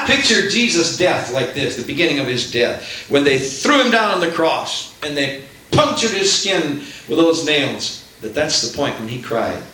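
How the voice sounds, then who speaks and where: A man preaching a sermon with fervor, building to loud exclamations. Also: on the high side. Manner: fervent, rising to shouted exclamations. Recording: echoey room, voice from far off.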